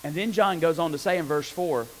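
A man preaching a conversational sermon on scripture, animated and often asking his listeners rhetorical questions. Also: fairly high pitch, brisk, slight background noise, poor audio.

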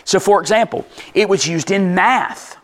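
A pastor gives a sermon as a conversational teaching talk, at a moderate pace and in a voice slightly high for a man. He restarts and repeats words while explaining, and often checks whether listeners are still following him.

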